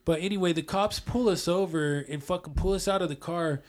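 A man's voice: a little high, a little fast. A young man from Colorado telling a profane, slang-heavy story in casual chat, acting out the quotes. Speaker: guest storyteller.

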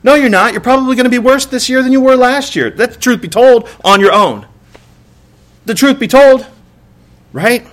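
In church, a man preaches as pastor in a very high, fairly bright voice, at normal speed with long pauses. His sermon is conversational, full of rhetorical "right?" questions and repeated words, and he acts out exasperated outbursts.

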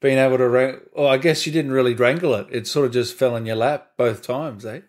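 A man's voice: medium pitch, steady tone, fairly quick. A man hosting a casual interview, easygoing and asking questions with lots of tag questions. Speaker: podcast host.

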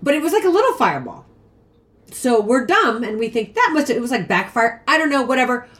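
Brief: woman, 40s, loose rambling storyteller, slightly high voice, casual podcast banter. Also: very animated, a little fast, a bit bright. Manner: rambling storyteller, lots of "like", acts out quotes. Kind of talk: casual chat.

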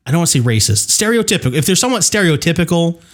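A man co-hosting a podcast, chatting casually and jokingly, pausing to choose his words with care. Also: fairly high pitch, big pitch swings. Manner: joking, hesitant, picks words carefully. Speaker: podcast co-host. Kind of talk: casual chat about running tabletop games.

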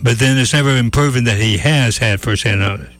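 A man's voice: medium pitch, fairly quick, a bit bright. Folksy male radio host. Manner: folksy, chatty, with filler restarts. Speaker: radio talk show host. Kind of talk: call-in talk radio.

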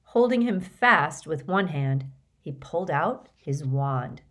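A woman reads an audiobook aloud. Her fairly low voice moves lively up and down, with varied phrasing. It is a clean storytelling delivery. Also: slow. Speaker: audiobook narrator. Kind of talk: audiobook reading.

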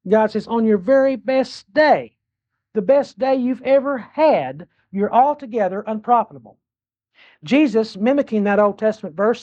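A man's voice: high-pitched, a little mellow, dry recording, dull audio. An older man preaching a sermon, blunt and folksy, repeating his points and often restarting mid-phrase.

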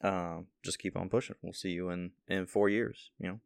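A man co-hosting a casual podcast, talking in a relaxed way and giving shout-outs. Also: low-pitched, normal speed, creaky, smooth, no echo. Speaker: podcast co-host. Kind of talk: casual chat.

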